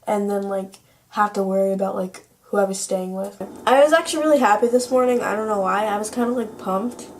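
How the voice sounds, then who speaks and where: A teenage girl vlogging in a casual chat, her voice lowered by illness, rambling and filling her speech with "like". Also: a little mellow. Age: teens. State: sick, voice lower than usual.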